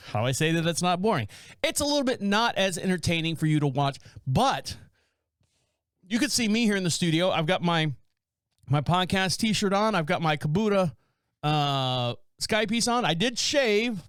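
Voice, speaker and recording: A man from North Carolina hosts a solo podcast from a small home studio, talking in a loose, rambling way and acting out the neighbors in his stories. His voice sits high and sounds smooth and clean. The room is dry, with almost no echo. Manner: rambling, self-interrupting storyteller who acts out neighbors' lines. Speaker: podcast host. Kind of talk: casual solo podcast monologue.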